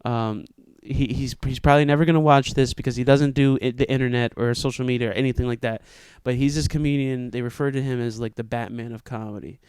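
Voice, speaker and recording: A young man telling a comedy story in casual podcast chat, acting out shouted quotes with lots of energy. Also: mid-range voice, fast, hardly any pauses, smooth, no room sound. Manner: animated, acts out shouted quotes. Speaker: comedian and show organizer.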